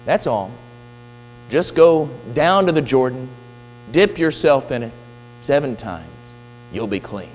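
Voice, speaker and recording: Male preacher, mid-pitched, lively intonation; retells scripture with voiced quotes, church hall echo. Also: unhurried, long pauses. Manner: animated storytelling, voicing quoted figures. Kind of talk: sermon retelling a Bible story. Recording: distant reverberant hall with faint hum.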